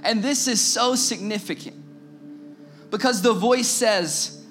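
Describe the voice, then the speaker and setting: A man's voice: slow, pauses often, soft background music. A man preaching to young listeners in a casual storytelling way, asking them questions and using slang. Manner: conversational, asks the audience, drops to a low hushed tone for the tense parts. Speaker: youth preacher.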